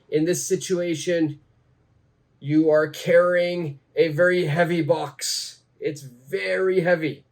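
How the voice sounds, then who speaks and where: A man teaching an English lesson, speaking slowly and repeating each phrase for learners. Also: mid-range voice, darkish tone. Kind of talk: slow, deliberate teaching.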